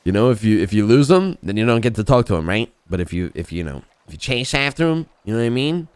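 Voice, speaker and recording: A man with a very low voice tells a long story in character, swearing freely and circling back with "you know what I mean." The sound is dry and close, with no room around it. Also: big pitch swings, fast talker, clear, resonant tone, no echo. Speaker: roleplay gamer. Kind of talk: in-character roleplay chat.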